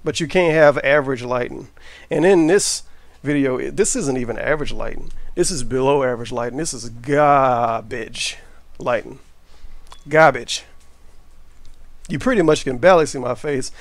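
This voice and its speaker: A man rambles through a casual cooking vlog. He swears freely and talks loosely as he works in his home kitchen. His voice is gravelly at a middle pitch, and the sound is dry with no room echo. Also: normal speed. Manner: rambling, profane, offhand. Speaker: cooking vlogger. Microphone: camera mic while cooking.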